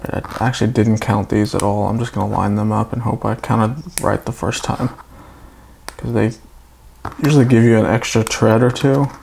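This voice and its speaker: Guy narrating his brick build, laid-back and chatty, kinda gravelly voice. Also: fairly low pitch, steady tone, moderate pace, darkish tone, slight background noise. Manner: chatty, self-mocking asides. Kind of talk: casual build commentary.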